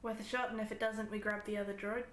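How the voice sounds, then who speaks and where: A woman's voice: medium pitch, level tone, quick pace, a little hiss or hum. A woman playing a tabletop game, playful and giggly in casual chat. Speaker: player. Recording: echoey room.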